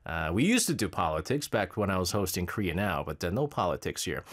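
A man's voice: low voice, sing-song, brisk, hardly any pauses, slightly rough. A man hosting a live show, chatting casually and rambling between listener messages with frequent laughs. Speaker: radio show host reading listener messages.

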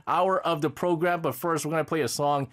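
A radio host in animated, casual chat, teasing a co-host and often breaking into laughter. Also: medium pitch, fairly quick.

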